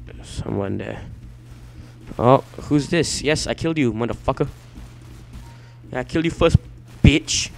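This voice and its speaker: A man giving let's play commentary at his computer, excitable and quick to shout and swear at the game. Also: mid-range voice, creaky, faint music behind. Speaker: gameplay commentator.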